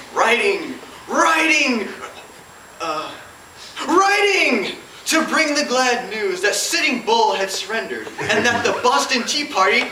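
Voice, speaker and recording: A woman's voice: a little high, sharp tone, echoey room, distant mic, slight background noise, rough recording. A woman delivering a comic competition speech in mock-grand oratory. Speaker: competition speaker.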